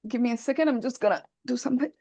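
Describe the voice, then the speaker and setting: A woman with a fairly high voice teaches grammar over a video call. She explains patiently, thinks out loud and keeps checking that her students have understood. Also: rapid-fire. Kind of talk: online class explanation.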